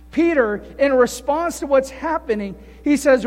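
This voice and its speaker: High-voiced preacher in an echoing hall. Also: male voice, a little slow, few pauses. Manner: animated storytelling with rhetorical questions. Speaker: pastor. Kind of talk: sermon.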